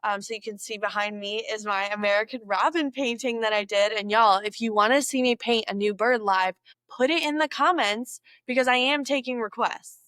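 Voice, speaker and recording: A woman's voice: a little high, moderate pace, a bit bright, no room sound. A woman talking casually to camera at home in a chatty, upbeat way, often saying "like". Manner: chatty and upbeat, heavy use of "like". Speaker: bird content creator. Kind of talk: casual vlog talk to camera.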